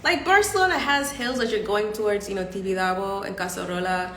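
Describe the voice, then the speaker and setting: A woman, chatting casually on a live stream. Her voice is neither high nor low, and she is expressive and laughs often. The audio carries a roomy echo over a faint hum. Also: fairly quick. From Southern United States. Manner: chatty and expressive, laughs often, acts out other people's lines. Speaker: podcast host. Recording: echoey room with faint background hum.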